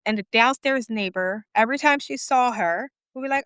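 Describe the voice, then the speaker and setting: A woman co-hosting a podcast, telling a story in a casual, animated way, acting out quoted voices with sassy asides. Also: fairly high pitch, a little fast, smooth, no room sound, studio quality. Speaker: podcast co-host.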